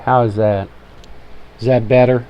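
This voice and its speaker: A man's voice: mid-range voice, fairly even intonation, measured pace, muffled recording, a little hiss or hum. A man with an Ohio accent hosting a casual live trading webinar, easygoing and joking with viewers while he sets up his microphone. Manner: easygoing, joking, fiddly with mic levels. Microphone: desk microphone he adjusts.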